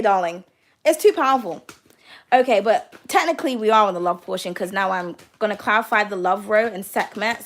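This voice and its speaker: A young woman with a high voice talks through a tarot reading in a loose, chatty way. She speaks straight to the listener, often calls them "darling" and swears freely. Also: a bit bright. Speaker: tarot card reader.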